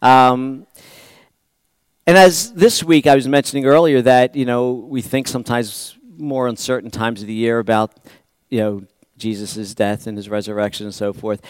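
A man's voice: mid-range voice, fairly even intonation, moderate pace, clear, resonant tone, dry recording. A man pastor preaching a sermon in a church, talking in a conversational, rambling way with restarts and repeated words.

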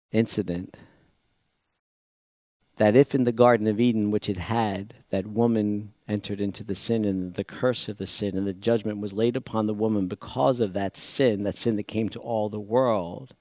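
A man preaching a sermon dramatically, swinging from loud exclamations to hushed, reflective passages. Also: on the low side, steady tone, moderate pace, no echo, studio quality.

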